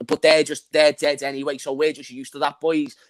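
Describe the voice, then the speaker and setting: Hoarse, passionate fan. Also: male voice, on the high side, little pitch movement, a little fast, no room sound. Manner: passionate, ranting, bursts into laughing shouts. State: hoarse from shouting. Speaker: fan channel co-host. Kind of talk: excited football fan reaction chat.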